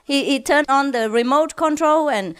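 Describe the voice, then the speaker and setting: A woman teacher giving a spiritual lecture, telling jokes to an audience, laughing at her own punchlines and pausing often with "uh". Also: high-pitched. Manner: halting, with many "uh" pauses.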